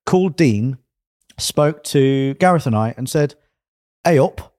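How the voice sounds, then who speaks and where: A man's voice: medium pitch, animated, measured pace, darkish tone, no echo, studio quality. A man from England co-hosting a casual podcast chat, telling rambling stories and correcting himself as he goes. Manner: rambling, self-correcting storyteller. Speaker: podcast co-host.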